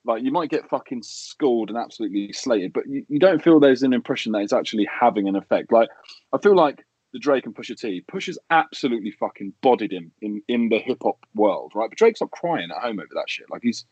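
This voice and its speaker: A man co-hosting a podcast, chatting in a sweary, animated way and laughing as he talks. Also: medium pitch, fast, dry recording, rough recording. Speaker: podcast co-host. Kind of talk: casual chat.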